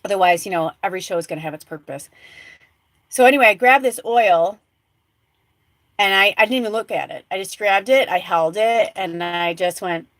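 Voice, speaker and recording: A woman hosting a live spiritual talk show, telling a rambling story full of fillers and restarts, going from hushed soft tones to excited exclamations. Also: medium pitch, normal speed, no echo. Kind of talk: casual live-stream monologue.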